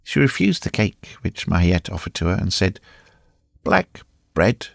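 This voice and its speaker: A man narrating a classic novel in a dramatic, expressive reading. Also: deep voice, fairly quick, creaky, dry recording, clean studio sound. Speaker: audiobook narrator. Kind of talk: scripted narration.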